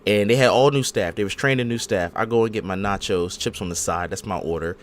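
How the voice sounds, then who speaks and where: A man's voice: fairly low pitch, fairly quick, a little hiss or hum. A man hosting a casual gaming podcast, telling stories in a laid-back, slangy way. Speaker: podcast host.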